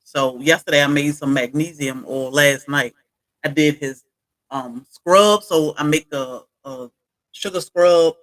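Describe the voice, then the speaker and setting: A woman's voice: low voice, a little slow, rough recording. A woman chatting casually on a homestead livestream, greeting viewers from the chat by name as she talks.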